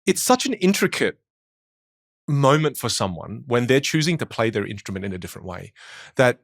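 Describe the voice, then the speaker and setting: A man's voice: medium pitch, sing-song, normal speed, vocal fry, dry recording, clean studio sound. A man who works as a communication coach, talking in a podcast conversation and animatedly acting out the voices he quotes.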